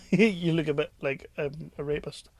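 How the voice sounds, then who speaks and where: Young male co-host, jokey and profane, bright high voice, very dry close mic. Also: lively intonation, measured pace, no room sound. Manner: jokey, laughs often, swears freely. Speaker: podcast co-host. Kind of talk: casual banter.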